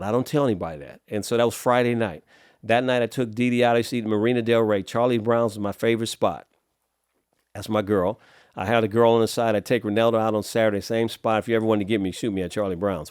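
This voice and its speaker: A middle-aged man from Los Angeles, a podcast guest telling his life story in a casual, streetwise way, often clearing his throat. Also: fairly low pitch, no room sound, studio quality. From Los Angeles, USA.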